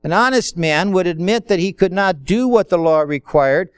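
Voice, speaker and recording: A man's voice: high voice, lively intonation, normal speed, clear, resonant tone, no room sound. A man preaching a sermon in a conversational way, asking rhetorical questions and acting out quotes.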